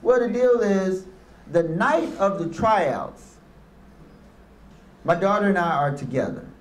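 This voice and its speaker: A man's voice: high-pitched, animated, slow pace. A man giving a motivational speech to youth and parents, telling stories and calling for amens from the room. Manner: storytelling with call-and-response. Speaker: motivational speaker. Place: room with a live audience. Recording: echoey room.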